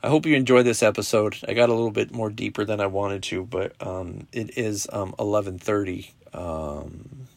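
A middle-aged man hosting a podcast, telling a personal story in a casual, profane, animated way with lots of quoted dialogue. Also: on the low side, normal speed, creaky, few pauses, no echo. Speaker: podcast host. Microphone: podcast app recording.

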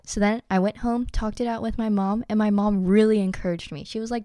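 A woman's voice: mid-range voice, steady tone, fairly quick, mellow, dry recording, studio quality. A young adult woman hosting a motivational podcast, talking earnestly and encouragingly to her listeners. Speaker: podcast host.

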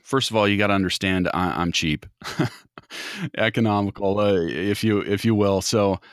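Rambling low-voiced Midwestern man. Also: normal speed, clean tone, no room sound, studio quality. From Midwest United States. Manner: rambling, with frequent restarts and repeated words. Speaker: podcast guest. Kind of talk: casual chat.

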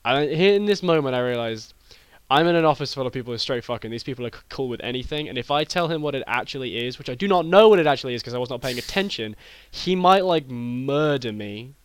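A British man rattles through an improvised comic tale at a quick clip, piling up fillers and restarts in a deadpan tone. His voice sounds dry and close, with no room around it. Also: mid-range voice, clear, resonant tone, dry recording. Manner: rambling, filler-heavy, deadpan. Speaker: podcast co-host.

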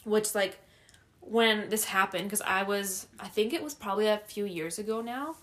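A young woman tells a spooky story from her own basement in a loose, casual chat. She is animated and swears constantly, laughing as she goes. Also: mid-range voice, normal speed.

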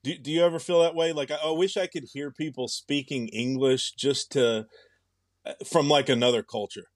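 Speaking at medium pitch and a normal speed, a young male podcast co-host keeps a steady tone while he thinks out loud, restarting often in a rambling, musing way. It's a casual conversation in studio quality with no room sound.

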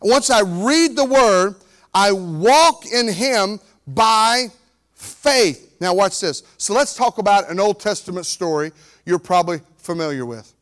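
A pastor in his forties delivers a lively sermon, acting out the characters in the story and shifting from loud to quiet. His voice is high and a little slow.

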